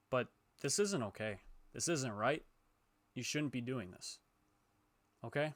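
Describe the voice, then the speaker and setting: A young man, a gaming YouTuber, ranting heatedly and profanely to his viewers, swinging between loud outbursts and low muttering. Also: lively intonation, measured pace, pauses often. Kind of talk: ranting to camera.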